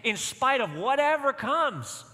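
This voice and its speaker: A man's voice: very high voice, very animated, measured pace, bright, forceful tone, long reverb tail. A man pastor preaching a sermon, telling a personal story and driving points home with emphatic repetition. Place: church.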